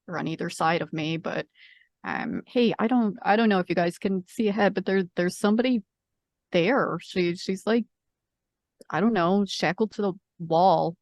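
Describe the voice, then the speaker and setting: Hesitant low-voiced woman player. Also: creaky, dry recording, studio quality. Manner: hesitant, halting with restarts. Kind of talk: casual tabletop play.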